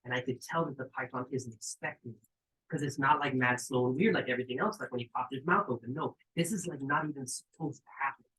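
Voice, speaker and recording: A man reading his own story aloud, animated and profane, in street slang, jumping to high shouted voices for the quotes and dropping low and quiet for suspense. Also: quick pace, rough recording. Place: cabin during a live event.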